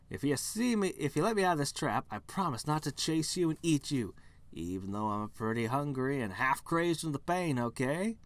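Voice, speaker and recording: A trapped, hungry bear from a game, played by a man in a loud, brash, cartoonish voice. It is pitched higher than usual and swoops broadly. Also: no room sound. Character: hungry male bear caught in a trap, half crazed.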